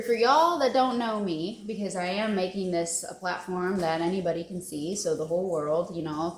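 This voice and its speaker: Woman vlogger, heartfelt and rambling, echoey room. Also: mid-range voice. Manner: emotional, rambling, laughs often. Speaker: wellness vlogger. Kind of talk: casual confessional vlog.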